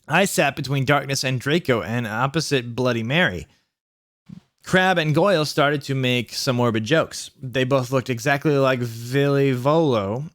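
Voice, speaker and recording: A young man reading a story aloud for a comic challenge, animated and laughing through lines. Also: mid-range voice, unhurried, no room sound, clean studio sound. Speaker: YouTube reader.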